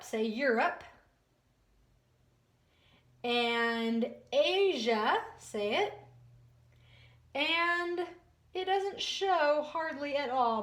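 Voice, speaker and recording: A woman teaching a social studies lesson to young children, leading call-and-response repetition in a slow, sing-song way. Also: high-pitched, a bit bright, echoey room.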